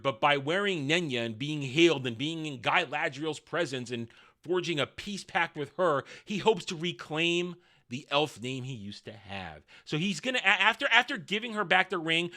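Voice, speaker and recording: High, bright-voiced man ranting sarcastically. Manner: sarcastic, mocking, repeats words when excited. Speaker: video reviewer. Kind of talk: ranting TV review commentary.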